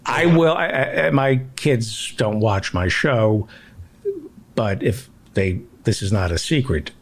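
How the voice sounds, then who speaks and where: A male podcast host in casual comedic chat, telling a story with plenty of energy. His pitch swings widely as he builds toward the punchline, and he laughs along with his own telling. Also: slow, a little hiss or hum. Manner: animated storyteller, laughing as he tells it.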